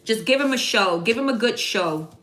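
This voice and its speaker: A woman reads tarot cards in a loose, slangy chat and calls out her viewers by name. Her voice sits a bit high and sounds very bright. The room adds a strong echo. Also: animated, normal speed. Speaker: tarot card reader. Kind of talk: casual live tarot reading. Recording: echoey room.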